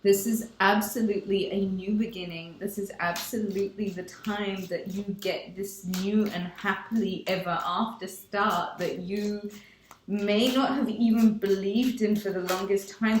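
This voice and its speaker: A woman gives a tarot reading in an unhurried, drawn-out delivery, gushing over each point and repeating her affirmations. Her voice carries a noticeable room echo, with a faint hiss underneath. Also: mid-range voice, steady tone. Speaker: tarot reader. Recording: echoey room.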